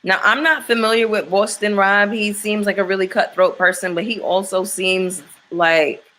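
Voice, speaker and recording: A woman's voice: medium pitch, fairly even intonation, moderate pace, a bit bright. A woman hosting a casual chat with her viewers, blunt and opinionated, swearing freely as she reacts to a reality show.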